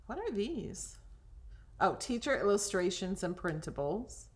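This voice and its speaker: A woman's voice: mid-range voice, sing-song, unhurried. A woman hosting a casual crafting tutorial, chatting and thinking aloud as she browses designs, sometimes dropping to a whisper over things she likes.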